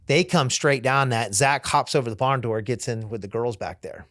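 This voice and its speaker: A man's voice: medium pitch, normal speed, a bit bright, no echo, clean studio sound. A man as a podcast guest, telling a story in casual, profane talk and acting out what others said. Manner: profane, vivid storyteller acting out quoted dialogue.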